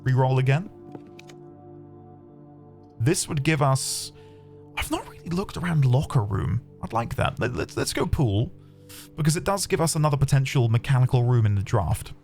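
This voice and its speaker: A man commentating his own game playthrough, chatty and excitable, talking to his viewers. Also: mid-range voice, moderate pace, vocal fry, long pauses. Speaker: game streamer. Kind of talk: let's play commentary. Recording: faint background music.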